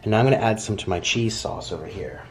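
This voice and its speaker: A man hosting a chatty eating vlog at home, talking in a theatrical sing-song way that swings from loud bursts to mumbles. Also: on the low side, fast, a little hiss or hum. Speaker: mukbang host.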